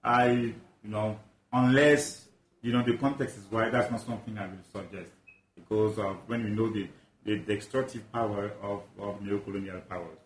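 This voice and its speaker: A man's voice: medium pitch, echoey room, a little hiss or hum. A man from Ivory Coast, a guest expert in an interview, talking passionately with emphatic rhetorical questions. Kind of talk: animated interview talk.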